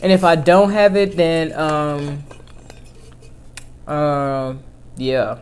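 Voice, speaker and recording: A woman vlogger telling a personal story in casual chat, animated, with lively swings in pitch and volume. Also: very slow, smooth.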